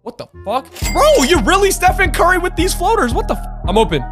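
A young man giving live, excitable gameplay commentary, swearing and pleading with his teammates. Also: extremely high pitch, fairly quick, over music. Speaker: gaming YouTuber.

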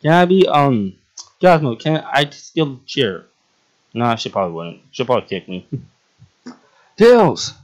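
A man's voice: medium pitch, sing-song, normal speed. A young man casually chatting and role-playing while playing a game, often laughing and trailing off with fillers. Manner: giggly, rambling, voices many characters. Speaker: game roleplay host. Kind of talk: casual roleplay gameplay chat.

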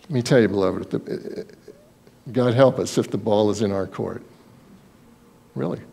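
This pastor's lowish voice carries vocal fry and a breathy edge as he preaches at a measured pace. He asks the congregation rhetorical questions emphatically, alternating between booming and quiet moments.

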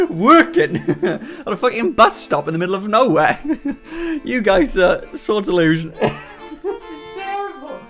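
A man delivers a ranting, sarcastic commentary in a slightly raised voice. He jokes at his subjects' expense, and soft music hums underneath. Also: high-pitched, huge pitch swings, takes it slowly. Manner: sarcastic, ranting, laughs often. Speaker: commentary host. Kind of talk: reaction commentary.

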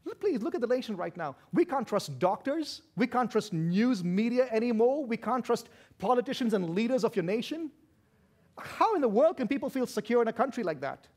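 High-voiced preacher guy w/ an accent, loud n passionate, goes from yelling to almost whispering. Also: sing-song, fairly quick. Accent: non-native English accent. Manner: loud, passionate, swings from shouting to hushed. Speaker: pastor. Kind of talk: sermon.

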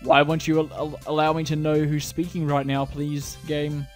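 A male let's play gamer talks through his game in a loose, rambling way. He swears casually and says "like" constantly. His voice sits a little high. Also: flat delivery, normal speed, few pauses, soft background music. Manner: rambling and swearing, heavy use of "like". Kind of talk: casual gameplay commentary.

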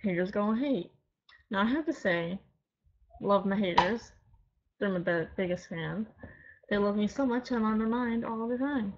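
Background noise and cut-off highs mar this casual vlog, where a woman in her early twenties speaks at a moderate pace in a mid-range voice, with long pauses. She rants to camera defiantly and sarcastically, rambling and restarting often.

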